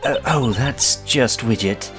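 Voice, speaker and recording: A man's voice: mid-range voice, slow pace. A man voicing a fan game, breaking off into self-deprecating comedic asides. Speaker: let's-play narrator voicing a fan game. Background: music.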